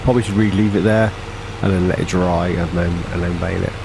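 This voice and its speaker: Low-ish guy rambling thru a farming game, faint hiss behind. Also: fairly even intonation, quick pace, creaky. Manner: chatty, rambling, self-correcting. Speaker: gaming channel host. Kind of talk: casual farming game commentary.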